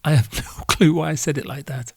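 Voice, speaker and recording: A man's voice: on the high side, steady tone, a little fast, vocal fry, husky, no echo, studio quality. A British man hosting a solo podcast, ranting in a sardonic, crude and profane way. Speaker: podcast host.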